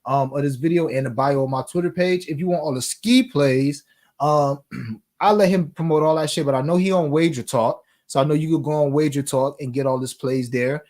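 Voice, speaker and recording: A man's voice: a little high, a little fast, a little mellow. A man hosting a sports betting talk show, chatting casually in slang and reading viewer comments aloud.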